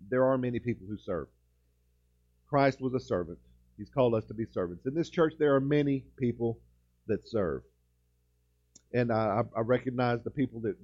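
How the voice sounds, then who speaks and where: A man preaching a sermon as pastor, slowing and lifting his voice on key words, with frequent restarts. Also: mid-range voice, warm tone, muffled recording. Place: church sanctuary.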